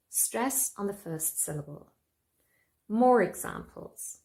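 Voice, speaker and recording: A woman teaching English pronunciation in a clear, emphatic way, repeating example words in a scripted lesson. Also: lowish voice, lively intonation, slow, darkish tone.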